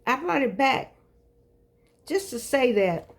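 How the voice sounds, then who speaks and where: Speaking slowly in a high, expressive voice, a vlogger in her 60s gives seniors a motivational talk to camera. Her style is chatty and folksy, as well as preachy and emphatic.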